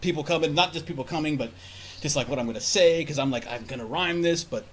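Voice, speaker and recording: A man's voice: fairly high pitch, quick pace, slight background noise. A man on a casual podcast telling a long, rambling, profane story with many restarts. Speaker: podcast host.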